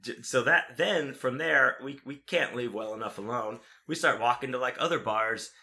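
Bright-voiced man telling a rowdy story. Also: mid-range voice, normal speed, creaky. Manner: profane, animated storytelling with acted-out quotes. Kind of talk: casual storytelling chat.

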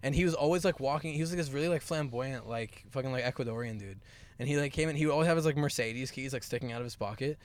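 Fast-talking young man telling stories. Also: medium pitch. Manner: storytelling, profane, laughs often. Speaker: podcast co-host. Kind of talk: casual comedic chat. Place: inside a car.

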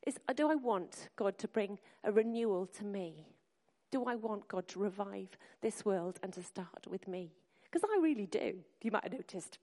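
A woman with a medium-pitched, dark-toned voice delivers a sermon to a congregation, her intonation lively and her speed normal. She is earnest and encouraging, addressing listeners directly, and the church hall adds a long reverb.

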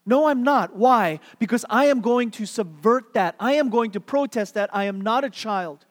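A pastor with a high-sitting voice preaches at normal speed, his sound filling a big room. He tells a story, playfully asking the congregation questions and repeating key words for emphasis.

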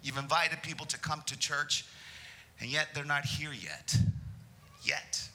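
A male pastor preaching to his church, telling a story in a lively, joking way. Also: on the high side, unhurried, low-quality recording. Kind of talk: sermon with storytelling.

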